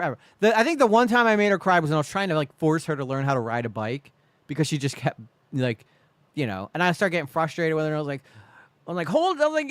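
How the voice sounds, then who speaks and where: A man's voice: on the high side, no room sound. A man streaming live, reacting to a video with indignant, profane rants.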